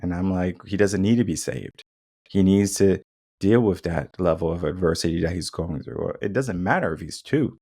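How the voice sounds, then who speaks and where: This podcast host, a young adult man, has a mellow, low-pitched voice and talks at a normal speed. His casual monologue leans emphatic and repetitive, with quotes acted out in different tones.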